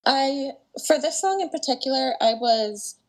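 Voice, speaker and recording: A woman's voice: high-pitched, lively intonation, measured pace. Chatty young woman with a morning voice. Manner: chatty, laughs often, many fillers like "like" and "um". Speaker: guest singer-songwriter. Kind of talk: casual podcast interview.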